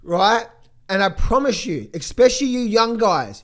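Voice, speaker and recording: A hoarse man in his thirties or forties, a trading coach giving blunt, emphatic motivational talk and market commentary in a vlog. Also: high voice, lively intonation, moderate pace, a bit bright. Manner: emphatic, blunt, swears freely.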